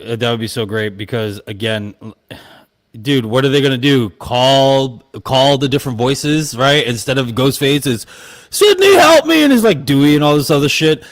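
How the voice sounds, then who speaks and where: A man co-hosting a casual podcast chat, excitable and swearing casually. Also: mid-range voice, moderate pace. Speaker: podcast co-host. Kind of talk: casual horror movie chat.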